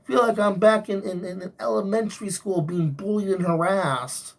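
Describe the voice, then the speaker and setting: A man's voice: high-pitched, moderate pace, creaky, recorded from a distance. A man who works security, venting in a profane vlog rant about a coworker. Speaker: security guard.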